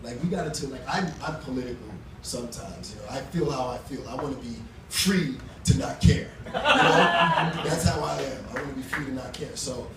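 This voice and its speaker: A man's voice: mid-range voice, very animated, moderate pace, hardly any pauses. Man telling stand-up stories in an echoey club. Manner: loose and chatty, with restarts and fillers. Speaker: stand-up comedian. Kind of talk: live stand-up storytelling. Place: small club stage, live audience. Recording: echoey club sound from a distant mic, noisy.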